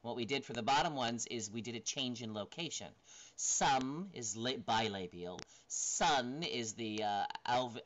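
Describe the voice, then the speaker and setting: A man's voice: mid-range voice, fairly bright tone. A man teaching a recorded lecture over slides, talking casually with many fillers and frequent checks of "right?". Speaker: instructor. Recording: dull lo-fi recording with faint noise.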